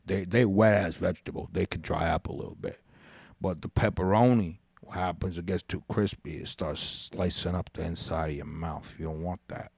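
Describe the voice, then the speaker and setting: A man's voice: deep voice, gravelly, darkish tone, breathy edge, dry recording. A man hosting a podcast, ranting in a rambling, profane way and stumbling over his words. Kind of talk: casual rant.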